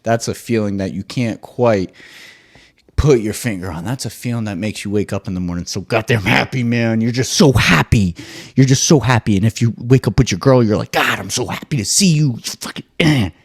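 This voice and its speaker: A man hosting his own podcast, ranting solo in an excitable, profane, rambling way. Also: on the low side, moderate pace, breathy edge. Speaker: podcast host.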